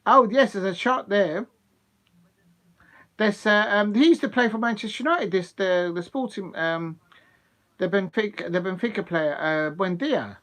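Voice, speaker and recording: A man's voice: high voice, a little slow. Chatty man streaming football. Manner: chatty, excitable, thanks viewers, laughs often. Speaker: football watch-along streamer. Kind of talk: live casual chat with viewers.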